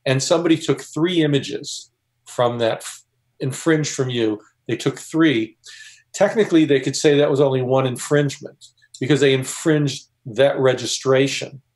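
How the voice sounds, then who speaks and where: A man's voice: mid-range voice, moderate pace, darkish tone. Explanatory man on a panel. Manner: explanatory, anecdotal. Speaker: co-author and panelist. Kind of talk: panel discussion.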